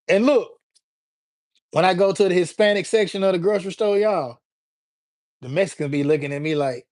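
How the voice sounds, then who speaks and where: A livestream host with a fairly high, darkish-toned voice talks a little fast over a dry recording. He chats loosely and jokingly with his viewers, reacting to them directly and using plenty of slang.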